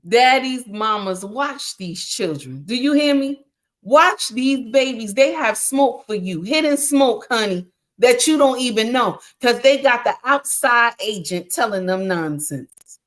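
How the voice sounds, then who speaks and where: A woman hosting a casual livestream on relationships, speaking in an animated, preachy way, often calling listeners honey and answering chat comments. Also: fairly high pitch, unhurried. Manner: reacts to chat comments while talking. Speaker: livestream relationship advice host.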